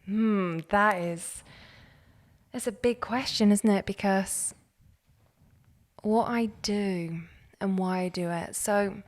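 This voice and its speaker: A woman, a podcast guest telling her own story in an earnest, animated way. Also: mid-range voice, slow pace. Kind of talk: candid personal story.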